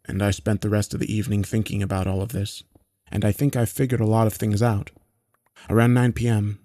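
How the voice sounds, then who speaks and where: Measured man narrating a horror story. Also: fairly low pitch, warm tone, dry recording, studio quality. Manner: measured and matter-of-fact, occasional swearing.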